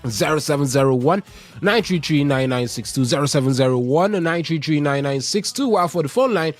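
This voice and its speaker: A man hosting a live radio sports show, talking through football news and reading out contact details in a brisk, repetitive way. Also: a little high, animated, dry recording, faint music behind. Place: radio studio.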